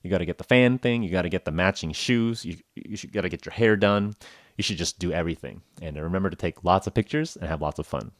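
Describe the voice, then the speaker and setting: A man's voice: sits low, quick pace, no room sound, studio quality. A man hosting a casual English-learning podcast, talking in a rambling, jokey way full of "like" and "uh". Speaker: podcast host.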